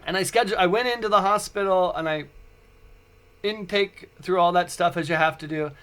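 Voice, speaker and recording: A man in his forties, a podcast host, telling a personal story in a casual, animated way with frequent stumbling restarts. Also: high voice, a little fast, smooth. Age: 40s.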